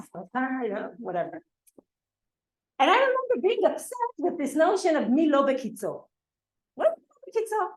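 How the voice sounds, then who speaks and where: A woman's voice: mid-range voice, reverberant. A woman teaching a Torah class in a conversational way, full of asides and checks with her listeners. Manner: conversational, with fillers and frequent asides. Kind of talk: lecture to a class.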